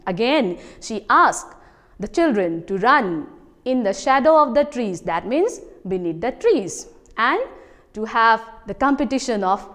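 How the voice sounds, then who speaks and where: A woman's voice: on the high side, long reverb tail. A woman with a Manipuri accent teaching a school poetry lesson, explaining step by step and often asking "what?" before giving the answer herself. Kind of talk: recorded classroom lesson explaining a poem.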